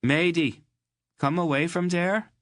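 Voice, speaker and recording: A man's voice: on the high side, fairly even intonation, a little slow, fairly bright tone, no room sound, clean studio sound, voice pushed up. A man voicing a hulking red-haired bully boy who turns whiny and tearful in an audiobook. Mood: swaggering. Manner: blustering then whining.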